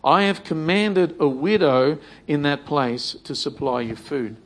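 A man's voice: a little high, unhurried. A man preaching a sermon in a conversational way, repeating phrases and acting out imagined prayers.

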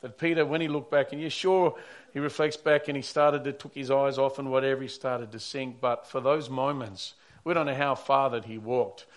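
A man's voice: mid-range voice, fairly even intonation, normal speed. A man who is a pastor preaching a sermon, telling stories earnestly and often repeating or restarting his words.

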